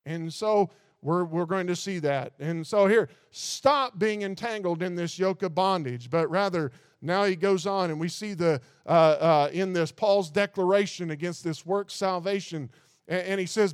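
A man's voice: high voice, normal speed, clean tone, dry recording, studio quality. A man preaching a sermon, earnest and emphatic, often repeating words as he restarts his sentences. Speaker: pastor.

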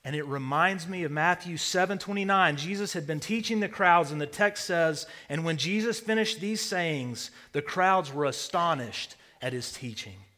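A man preaching a sermon, swinging between loud declarations and hushed near-whispers. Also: fairly high pitch, expressive, moderate pace, few pauses. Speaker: pastor.

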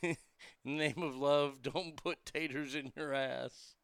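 A man's voice: fairly high pitch, fairly even intonation, slow pace, a bit bright, clear, resonant tone, no echo. A man hosting a show, delivering a crude, mocking comedic monologue that rambles with restarts. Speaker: radio show host.

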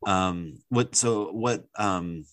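Casual podcast co-host, male, deep low register, eager and rambling, dry close sound. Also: drawn-out words, a bit bright, dry recording. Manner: enthusiastic, rambling with many fillers. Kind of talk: casual chat.

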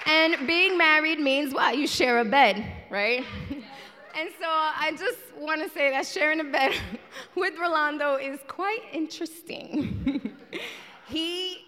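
Woman preacher, 30s, storytelling sermon; unhurried, giggly delivery in a reverberant sanctuary. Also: high-pitched, some chatter behind. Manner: warm, giggly, animated storyteller. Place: church sanctuary. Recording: long reverb in a large hall.

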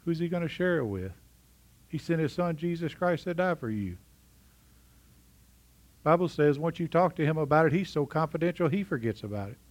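A man's voice: fairly high pitch, expressive, moderate pace, long pauses. A middle-aged man preaching a sermon in a conversational way, often asking his congregation questions. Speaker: pastor.

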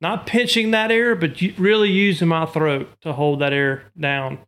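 A man with a slightly higher voice explains duck calling in relaxed, conversational detail. He talks patiently, walking through each step with homely examples. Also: moderate pace. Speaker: duck call instructor. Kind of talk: casual instructional chat.

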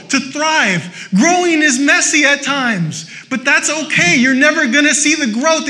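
A man preaching as a pastor. He talks in a lively, conversational way, urges his listeners on with short repeated phrases, and makes joking asides. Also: extremely high pitch. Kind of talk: sermon.

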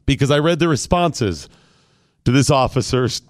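A man's voice: medium pitch, lively intonation, normal speed. A man hosting talk radio, ranting in a mock-dramatic, theatrical way. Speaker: radio host.

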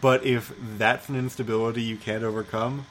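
A man's voice: mid-range voice, flat delivery, fairly quick, a bit bright, slight background noise, low-quality recording. A man co-hosting a podcast, talking bluntly and emphatically with a lot of swearing. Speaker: podcast co-host. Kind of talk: casual chat.

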